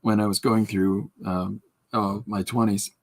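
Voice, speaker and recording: In an unhurried, flat delivery and a fairly low voice, a podcast host chats casually on a livestream while drawing. He rambles, cracks jokes, and reads and replies to viewers' comments.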